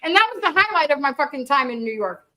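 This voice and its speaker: A woman's voice: high-pitched, big pitch swings, fast, bright, forceful tone. A woman telling candid, profane stories in casual chat, laughing and swearing freely. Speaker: guest storyteller.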